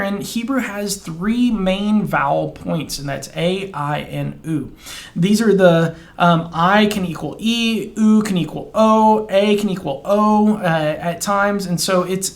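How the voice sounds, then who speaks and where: A man teaching Biblical Hebrew pronunciation in a casual spoken lesson, stretching out words slowly to model them and checking in with "okay?" after each. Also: high-pitched. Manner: encouraging, informal, restarts and fillers.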